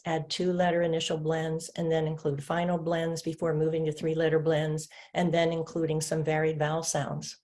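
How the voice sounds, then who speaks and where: A woman presenting a literacy webinar, patiently explaining and modeling words slowly for students to repeat and clap. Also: fairly low pitch, mellow. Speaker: literacy instructor. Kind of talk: webinar teaching demonstration.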